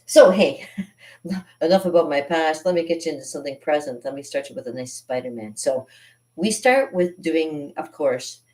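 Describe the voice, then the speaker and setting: A woman's voice: sits low, normal speed, a little mellow. A woman artist hosting a live drawing stream, chatting casually and rambling with frequent laughs as she teaches.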